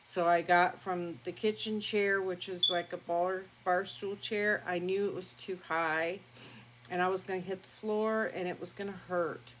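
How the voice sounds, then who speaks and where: Older woman, casual vlog story, unhurried, lowish voice, faint room hum. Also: rough recording. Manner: rambling, calm and matter-of-fact with frequent fillers. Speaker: beauty vlogger.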